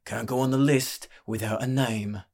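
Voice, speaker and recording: A man's voice: mid-range voice, normal speed, lightly acted. A man voicing a weary, pot-bellied old barkeep who talks in a growling, slangy, wheedling way. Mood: sly.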